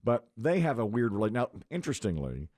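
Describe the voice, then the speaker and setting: A man's voice: medium pitch, brisk, no room sound, clean studio sound. A man, hosting a morning show and telling rambling stories in casual chat. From North Carolina. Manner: animated, rambling storyteller. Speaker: radio show host. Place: radio studio.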